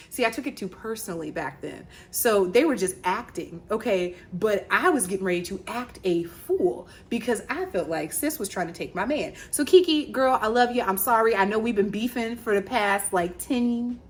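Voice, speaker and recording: Woman host, 30s, from Virginia, animated and chatty, slightly high voice. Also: moderate pace, few pauses. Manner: animated, chatty storytelling with slang. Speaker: podcast host. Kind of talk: casual chat.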